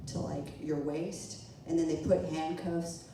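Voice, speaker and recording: A woman's voice: low voice, fairly even intonation, measured pace, mellow, slight background noise. A young woman telling a story from her own life to a live audience, casual and laughing as she goes. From not from New York. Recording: roomy echo, mic from a distance.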